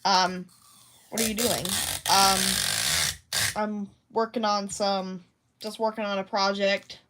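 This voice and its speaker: Slow, hesitant rambling woman. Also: medium pitch, level tone, a bit bright, slight background noise. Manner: hesitant, rambling, many restarts. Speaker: crafting vlogger. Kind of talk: casual talk to camera. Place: at home.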